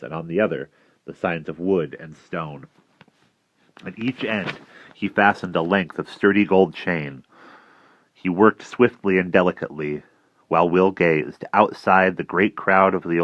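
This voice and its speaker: A man with a very low, deep voice reads a novel aloud at a measured pace. He stops and restarts a phrase now and then. The recording is dry, with a slightly dull sound. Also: no room sound. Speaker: narrator.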